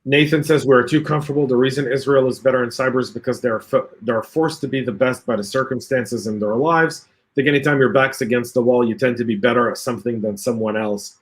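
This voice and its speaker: A man hosting a relaxed livestream and reading viewer comments between jokes, talking in an easy, chatty way. His voice sits in an ordinary middle pitch, as it would over a video call. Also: fast, few pauses. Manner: chatty, reads viewer comments aloud, jokey. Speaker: podcast host reading live chat. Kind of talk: casual livestream chat.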